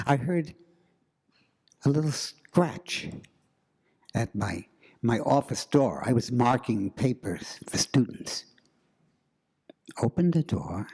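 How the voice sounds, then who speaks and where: A man telling a spooky story live, slow and dramatic with suspenseful pauses. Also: medium pitch, very animated, darkish tone, husky.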